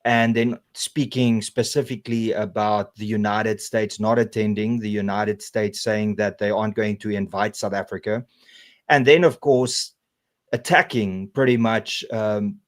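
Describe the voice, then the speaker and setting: Easygoing male host, low voice. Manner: relaxed, filler-heavy, hesitant. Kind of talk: live stream moderation.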